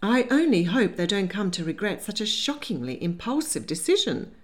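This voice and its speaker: A woman voicing a composed, dryly amused young Regency gentleman in an audiobook. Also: medium pitch, very animated, moderate pace, lightly acted. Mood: wry. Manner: wry, teasing, composed.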